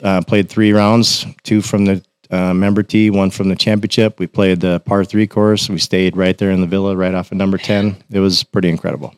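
Podcast guest, man, lower register, animated storyteller, dry close mic. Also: brisk, hardly any pauses, smooth, no echo. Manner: animated, acts out quotes in a raised voice. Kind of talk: casual storytelling.

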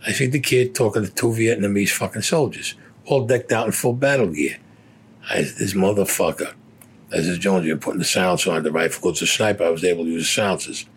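Older male veteran, blunt and profane, husky low voice, faint music under. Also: fairly quick. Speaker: war veteran interviewee. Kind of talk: recounting war stories.

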